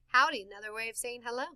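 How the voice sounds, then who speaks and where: Lady reading a kids' bear book out loud, high bright voice, sing-songy, explains stuff as she goes. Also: fast, no echo. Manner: animated, sing-song, explains words to children. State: tickle in her throat. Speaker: storytime reader for children. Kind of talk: reading a picture book aloud to kids.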